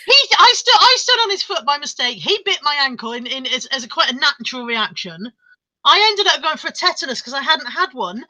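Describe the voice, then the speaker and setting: A woman's voice: high voice, very animated, brisk, sharp tone, poor audio. A woman co-hosting a casual live-stream chat, rambling through stories and laughing often. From England.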